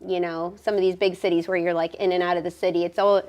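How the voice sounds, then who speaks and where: A woman from Northern Ohio, answering interview questions in a measured, hesitant way with many pauses. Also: fairly low pitch, flat delivery, a little mellow. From Northern Ohio, USA. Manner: measured, hesitant, lots of ums. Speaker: guest, business owner.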